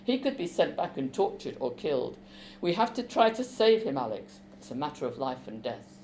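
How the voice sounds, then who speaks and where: A woman reading aloud as a teenage boy, pressing urgently in a low, hushed voice. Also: sing-song, moderate pace, slight background noise, low-quality recording.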